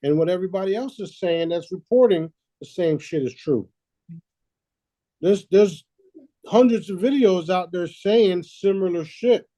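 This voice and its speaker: Boastful, preachy male host, cursing casually; fairly high voice, dry close sound. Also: measured pace, warm tone, no echo. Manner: boastful, preachy, swears freely; laughs at his own lines. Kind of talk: casual conspiracy talk.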